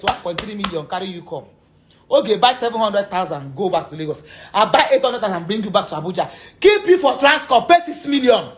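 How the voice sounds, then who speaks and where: An actress with a Nigerian Pidgin accent rants at a former friend in a confrontational video, blending Pidgin and English. Her medium-pitched, slightly bright voice carries accusations she repeats again and again.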